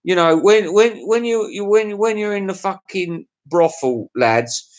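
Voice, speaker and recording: A man's voice: sits high, expressive, a little slow. A middle-aged man with an English accent, rambling crudely through a casual livestream chat with his viewers. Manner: rambling, crude, chuckling to himself. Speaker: livestream host.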